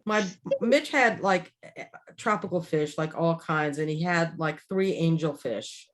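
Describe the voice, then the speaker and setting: Older woman co-host, lower voice, animated storyteller who laughs a lot. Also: a little slow. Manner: animated, laughs often, many restarts. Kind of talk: casual chat, personal storytelling.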